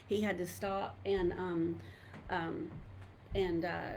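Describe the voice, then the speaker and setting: A woman's voice: fairly low pitch, flat delivery, slow pace, a little mellow, a little hiss or hum. A middle-aged woman, a doctor and coach, talking casually to viewers from home on a laptop microphone, candid and rambling with many fillers and restarts. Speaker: doctor and coach speaking to an online group. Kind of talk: casual live talk to viewers.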